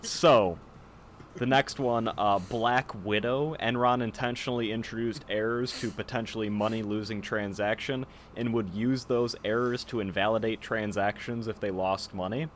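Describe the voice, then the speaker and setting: A man's voice: lowish voice, steady tone, moderate pace, a little hiss or hum. A man hosting a podcast, explaining things bluntly and matter-of-factly in a casual way. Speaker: podcast host presenting the topic.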